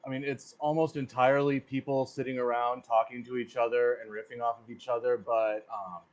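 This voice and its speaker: A man on a panel recommending a film in casual chat, halting with many ums. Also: medium pitch, little pitch movement, highs cut off. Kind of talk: casual movie review chat.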